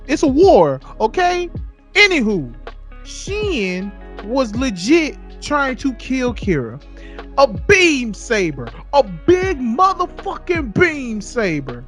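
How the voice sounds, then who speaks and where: This is a man speaking in a heated, profanity-laced podcast rant. He takes his time, and his pitch swings widely as he hammers each point again and again. Faint music plays underneath. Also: fairly bright tone. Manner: heated, profane, repetitive ranting. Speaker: podcast co-host.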